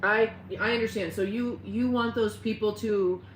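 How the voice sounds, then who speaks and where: A woman's voice: medium pitch, fairly even intonation, normal speed, roomy sound, a little hiss or hum, low-quality recording. A woman hosting a casual live stream, rambling and talking to her dogs and her chat. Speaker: livestream host.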